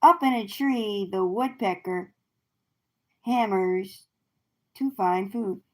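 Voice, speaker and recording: Brief: woman on a livestream reading a picture book aloud to kids, very slow and deliberate. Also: mid-range voice, darkish tone. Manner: slow, clear read-aloud with animal sounds. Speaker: host reading picture books to children.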